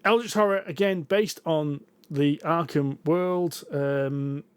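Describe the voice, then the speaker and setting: A man's voice: on the high side, slow pace, clear, resonant tone, no room sound. A man, co-hosting a board game podcast, chatting casually and telling stories with self-deprecating rambling. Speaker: podcast co-host. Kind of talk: casual chat about board games.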